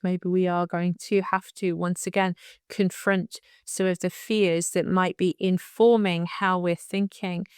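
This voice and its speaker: A woman with a slight lisp talks through a monthly astrology forecast at an easy, measured pace. Her voice sits a little low and comes across smooth and clear. The sound is close and dry. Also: no room sound. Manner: calm and unhurried, laughs at tricky numbers.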